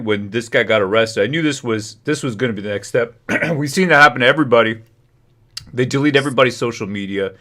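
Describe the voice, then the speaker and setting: A man's voice: mid-range voice, a bit bright. A man hosting a livestream, ranting in heated, indignant bursts while reacting to a hearing. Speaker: livestream host.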